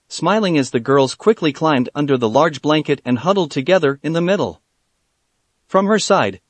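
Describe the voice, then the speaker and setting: A man narrating a fan fiction story aloud in an expressive storytelling manner. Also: fairly high pitch, no echo.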